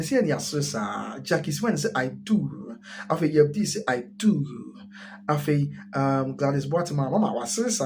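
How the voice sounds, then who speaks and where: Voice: mid-range voice, gravelly, a little hiss or hum. A host with a Ghanaian accent chatting casually on a live stream, mixing Twi and English while reading viewer comments. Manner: chatty, mixes Twi and English, laughs often.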